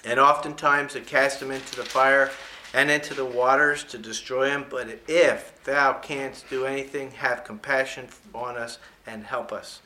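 Folksy bright-voiced male preacher. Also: medium pitch, steady tone, slight background noise. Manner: folksy, joking asides between verses, chuckles often; slows down and stresses key scripture words. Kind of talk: sermon, reading and commenting on scripture.

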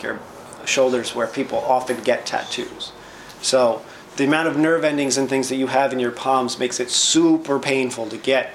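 A man's voice: fairly high pitch, echoey room, slight background noise, poor audio. A man preaching a sermon, reading verses and explaining them in a conversational teaching way, often checking in with "right?".

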